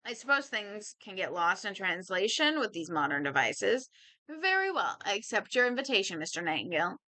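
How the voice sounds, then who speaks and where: Woman doing a gruff dismissive man, prickly, curt, lively pitch. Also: a little fast. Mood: grudging. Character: curt, prickly middle-aged man, property owner.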